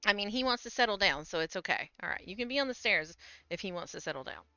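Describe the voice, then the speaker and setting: A woman's voice: mid-range voice, lively intonation, fast, pushed and bright, no room sound. A woman streamer giving casual commentary on her gameplay, chatting to her cats and reading the game's text aloud. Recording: slightly dull home stream mic with faint game music.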